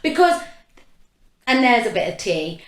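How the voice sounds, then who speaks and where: A young woman co-hosting a casual podcast chat, telling stories with animated expression. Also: on the high side, a little slow. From England. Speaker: podcast co-host. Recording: echoey room.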